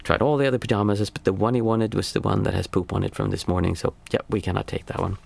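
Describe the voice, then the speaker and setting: Gravelly low-voiced meditation teacher. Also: male voice, fairly even intonation, fast talker, a little mellow. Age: young adult to middle-aged, father of small children. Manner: reflective, searches aloud for the right word. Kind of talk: casual spoken teaching on a livestream.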